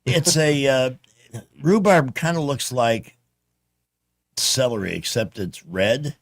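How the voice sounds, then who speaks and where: A man's voice: medium pitch, slow pace, no room sound, studio quality. A man hosting a call-in radio show, chatting in a friendly, easygoing way with callers. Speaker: radio talk show host.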